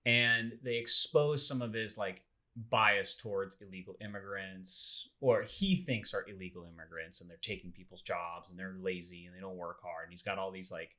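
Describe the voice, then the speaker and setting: A young man hosting a casual podcast, retelling a story in a loose, animated way with lots of fillers. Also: moderate pace. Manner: animated, acts out quoted people with big pitch jumps. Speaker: podcast host.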